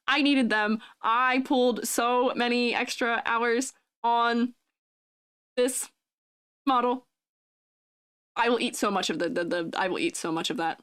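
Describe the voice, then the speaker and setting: A woman's voice: a little high, normal speed, long pauses, a bit bright, no echo, studio quality. A woman chatting casually on a livestream, giggling often and reading chat messages aloud. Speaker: streamer.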